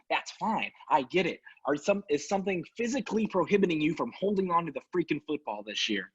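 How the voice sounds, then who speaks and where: A man's voice: on the high side, big pitch swings, brisk, few pauses, breathy edge. A man co-hosting a sports podcast, ranting in casual talk, sarcastic and exasperated. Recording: dull lo-fi sound.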